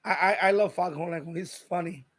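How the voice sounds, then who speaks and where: High-voiced man rambling on a stream. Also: fairly quick, fairly bright tone. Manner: rambling, repeats himself, reads viewer comments aloud. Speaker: live stream host. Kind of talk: casual chat with live viewers.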